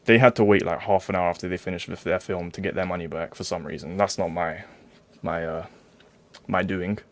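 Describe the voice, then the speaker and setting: A man's voice: deep voice, steady tone, a little fast, slight background noise. A young man telling a story on a group video call, laid-back and laughing, using street slang. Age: young adult. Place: hot room with windows open.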